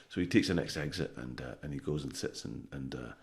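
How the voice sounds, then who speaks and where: A man telling jokes in a casual podcast chat, sweary and animated, often tagging lines with "right?". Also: rumbling low, fairly quick, gravelly. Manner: animated storytelling, sweary, with frequent "right?" tags. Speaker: comedian guest.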